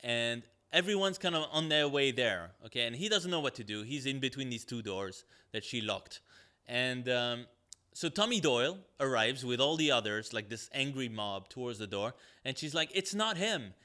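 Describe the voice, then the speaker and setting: A man with a bright, forceful voice rants through a podcast movie review. He's sarcastic and swears freely, and he rambles with plenty of "like" and "um" as he goes. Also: medium pitch, animated, normal speed. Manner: sarcastic, profane, rambling with many fillers. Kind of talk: ranting casual review.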